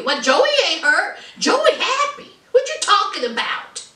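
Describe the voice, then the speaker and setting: A woman's voice: very high-pitched, wildly swooping pitch, unhurried, few pauses, sharp tone, far from the mic. A woman reviewing a reality TV show in a casual vlog, ranting with emphasis and calling her viewers honey. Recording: roomy sound from off the mic.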